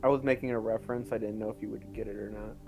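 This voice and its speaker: Quick-talking joking male player. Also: on the low side, fairly even intonation, gravelly, a little mellow. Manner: joking, chatty.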